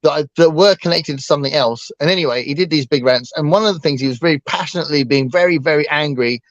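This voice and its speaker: A man's voice: fairly high pitch, fast talker, no echo, lo-fi sound. A man co-hosting a casual book chat, rambling with lots of fillers and restarts. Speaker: booktuber co-host.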